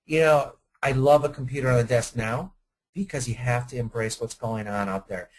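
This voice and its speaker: A man's voice: medium pitch, normal speed, rough recording. A man giving a webinar to car sales staff, talking conversationally and firing off rhetorical questions. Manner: energetic, conversational, asks many rhetorical questions. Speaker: dealership sales trainer. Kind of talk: webinar presentation.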